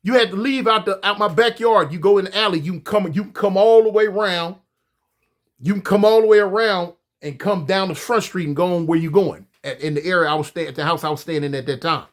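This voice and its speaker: A man telling a story casually, animated and profane, often stammering and repeating himself. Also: high voice, brisk.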